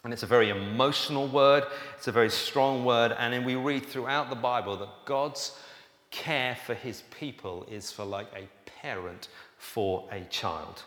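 A man's voice: medium pitch, normal speed, a bit bright. A man preaching a sermon in a conversational, emphatic way. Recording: echoey hall, room reverb.

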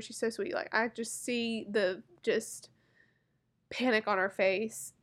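Woman vlogger in her thirties, higher register, emotional confessional delivery, heartfelt with frequent pauses. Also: fairly even intonation. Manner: halting, heartfelt, many pauses and fillers. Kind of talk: personal story told to camera.

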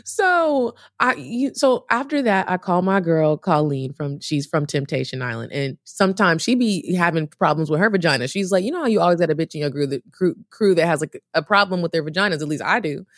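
A woman telling a story in casual chat, animated and profane, acting out the voices of people she quotes. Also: sits low, brisk, hardly any pauses, dry recording, studio quality. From Texas.

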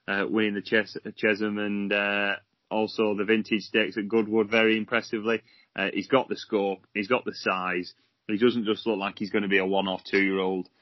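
A young man co-hosting a racing podcast, chatting in a relaxed way and thinking aloud with fillers. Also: on the low side, no room sound, muffled recording. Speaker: racing tipster co-host. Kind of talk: casual racing podcast chat.

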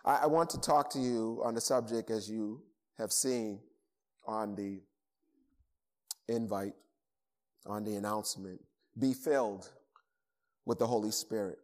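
A man's voice: fairly low pitch, unhurried, long pauses. Preaching man with a Boston accent. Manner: emphatic, repeats words for emphasis. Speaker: pastor. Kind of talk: sermon. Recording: long hall reverb.

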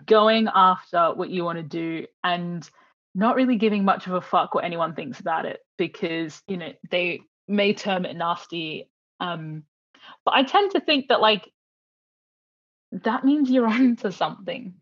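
A woman, an author on as a guest, chatting in a relaxed, sweary way and laughing often. Her audio sounds a little dull and lo-fi. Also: lowish voice, a little slow. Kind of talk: casual chat.

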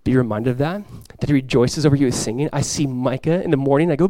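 A man's voice: medium pitch, fast talker, dry recording. Man preaching a passionate sermon. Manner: impassioned preaching, swells loud for quoted cries then drops soft. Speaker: pastor. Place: church sanctuary before a congregation.

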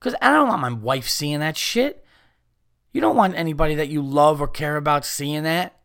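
Podcast host, male, exasperated profane rant, smooth clear voice, dry close mic. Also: a little high, expressive, normal speed, a bit bright, no echo. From United States. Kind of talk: casual ranting monologue.

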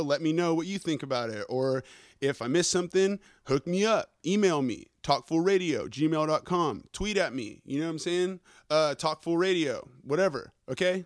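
A man hosting a podcast, wired and fast-talking, who swears through nearly every sentence and keeps tossing in "okay?" and "right?" His voice sits a bit on the high side. The recording is close and dry, with no room sound. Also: no echo. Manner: rambling, swears constantly, checks in with listeners. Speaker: podcast host. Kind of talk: casual profane news rant.

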